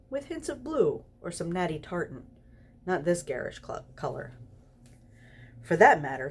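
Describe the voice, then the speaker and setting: A woman's voice: low-pitched, darkish tone, husky. A tipsy woman reading a story aloud, giggling through it. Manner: giggly, snorty laughs while reading. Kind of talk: reading fan fiction aloud.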